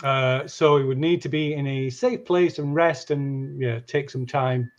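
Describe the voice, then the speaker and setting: A man running a tabletop horror game as game master, talking haltingly with many restarts. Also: medium pitch, fairly even intonation. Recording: dull lo-fi audio.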